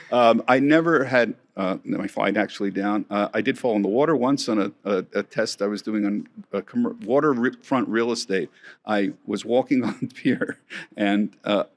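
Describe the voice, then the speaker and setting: Guy in his 60s, lowish voice, rambling anecdotes w lots of laughs. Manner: chatty, laughs often, many restarts. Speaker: guest, markets correspondent. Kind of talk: storytelling interview chat.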